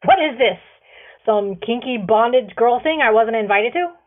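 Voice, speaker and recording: A woman voicing a goofy teasing rogue, high and loud. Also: lively intonation, normal speed, natural voice. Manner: exaggerated, mock-dramatic, sing-song. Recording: tinny phone recording.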